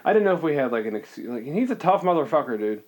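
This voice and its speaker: A man with a fairly high, very lively voice jokes through a comedy podcast, cursing casually and laughing hard. He jumps up into loud, high bursts when something cracks him up. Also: fast. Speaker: podcast co-host.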